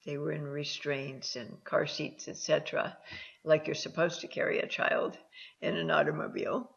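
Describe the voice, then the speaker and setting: A woman host telling personal stories about near-death experiences in a slow, halting way, with frequent ums and restarts. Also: deep voice, level tone, vocal fry. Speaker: host and counselor. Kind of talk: personal storytelling talk. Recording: dull lo-fi sound.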